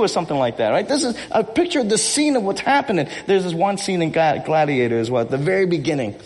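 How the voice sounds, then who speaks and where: A man preaching a sermon from the pulpit, animated and joking with his congregation. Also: high voice, quick pace, hardly any pauses, in a large hall. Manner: animated, energetic, acts out movie speeches with rising intensity; jokes with the congregation and repeats himself. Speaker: pastor. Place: church hall.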